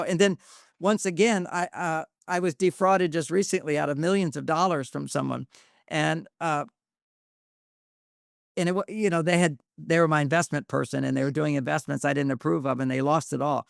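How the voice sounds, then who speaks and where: An older man speaks as an interview guest, his voice sitting a little on the high side as he shares personal stories. His delivery is earnest and confiding, and he often circles back and restarts a thought. The sound is dry and close, with no room echo. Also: moderate pace, vocal fry, a bit bright. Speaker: guest relationship expert. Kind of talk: reflective personal storytelling.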